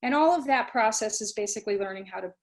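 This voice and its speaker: A woman giving a talk on mindfulness, animated, acting out students' inner voices and often asking "right?" and "you know". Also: mid-range voice, fast. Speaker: guest speaker on mindfulness. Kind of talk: talk to a webinar audience.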